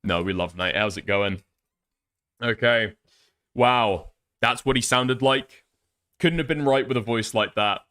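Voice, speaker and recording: A man's voice: medium pitch, a little slow, pauses often, pushed and bright, clear, resonant tone. A man chatting casually and rambling on a live stream, swearing often. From northern England.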